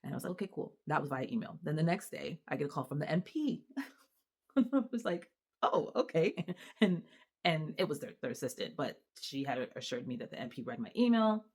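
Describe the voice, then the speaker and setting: Woman vlogger with a low voice, animated and exasperated as she vents off the cuff, full of restarts and fillers. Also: fast, husky. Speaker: mother and vlogger. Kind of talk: casual venting monologue to camera.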